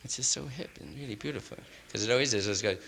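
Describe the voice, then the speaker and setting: A gravelly, fairly bright medium-pitched male voice speaks fast in this improvised stand-up monologue, loose and rambling, loaded with hip jazz slang. It's a live 1961 concert hall recording with reverb and faint hiss.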